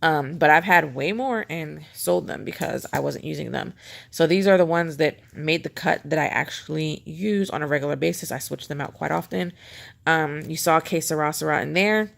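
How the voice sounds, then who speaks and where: A woman's voice: sits low, normal speed, vocal fry. A woman vlogger chatting casually and rambling as she shows off her pen collection at home, self-mocking and chatty. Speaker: planner vlogger. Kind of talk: casual show-and-tell chat.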